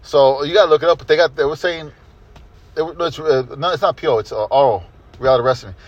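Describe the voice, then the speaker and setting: A man telling a rambling, excited story to a friend in casual chat, swearing freely. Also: a little high, fast talker, no echo, lo-fi sound.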